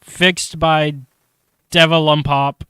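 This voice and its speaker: A man's voice: fairly high pitch, little pitch movement, pushed and bright, clear, resonant tone, dry recording, studio quality. A man chatting casually as a podcast host, rambling through a story recap and briefly voicing the characters. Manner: rambling, acts out characters in quick asides. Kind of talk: casual chat recapping a comic.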